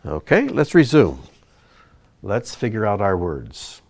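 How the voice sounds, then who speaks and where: A man with a lowish voice teaches a video lesson at an unhurried pace. His pitch rises and falls a lot as he explains things patiently. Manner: slow, patient explaining with lively ups and downs. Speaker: Hebrew teacher.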